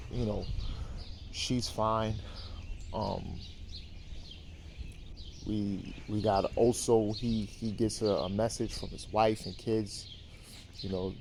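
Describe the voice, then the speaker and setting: A man's voice: fairly low pitch, dark tone, slight background noise. A man hosting a show, casually recapping a series in a rambling, profane way with lots of ums and repeated words.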